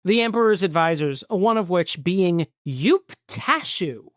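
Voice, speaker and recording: A man's voice: high voice, lively intonation, unhurried, no echo, clean studio sound. A man co-hosting a podcast in casual chat, goofy and riffing, scatting nonsense syllables. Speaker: podcast co-host.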